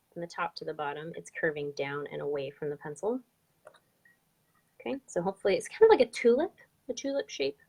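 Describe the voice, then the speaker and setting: Chatty woman teaching a drawing lesson. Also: lowish voice. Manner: chatty, upbeat, explains step by step. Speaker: drawing instructor. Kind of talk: live online drawing lesson.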